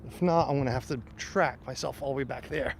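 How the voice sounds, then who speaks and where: A man's voice: mid-range voice, quick pace, vocal fry, a little hiss or hum. A man live-streaming a walking tour outdoors, chatting to his viewers as he goes. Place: outdoors on a quiet street and mansion grounds. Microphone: phone or camera on a tripod.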